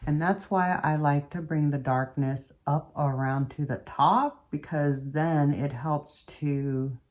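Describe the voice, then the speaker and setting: Low-voiced chatty woman vlogger. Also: steady tone, slow, darkish tone. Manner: chatty, talks while doing makeup. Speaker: beauty vlogger. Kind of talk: chatty makeup tutorial.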